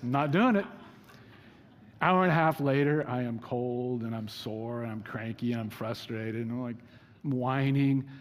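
A man's voice: mid-range voice, steady tone, normal speed. Casual storytelling male preacher in a hall. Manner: casual storytelling, self-deprecating humor. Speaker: pastor. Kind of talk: sermon. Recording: reverberant hall.

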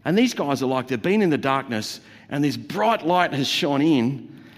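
A man's voice: medium pitch, big pitch swings, moderate pace, long reverb tail. A man preaching a sermon in a church, jokey and conversational, with playful asides to the congregation. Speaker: pastor. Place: church auditorium.

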